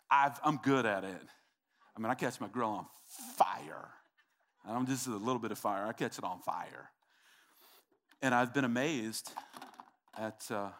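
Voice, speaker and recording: A man's voice: lowish voice, a bit bright. A middle-aged man preaching a sermon, emphatic and repetitive, calling out to the congregation. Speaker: pastor.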